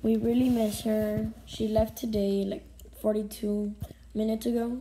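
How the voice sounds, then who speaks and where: A woman hosting a casual vlog, talking in a halting, emotional way and often dropping to a whisper. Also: mid-range voice, level tone, dark tone, slight background noise, rough recording. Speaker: channel host.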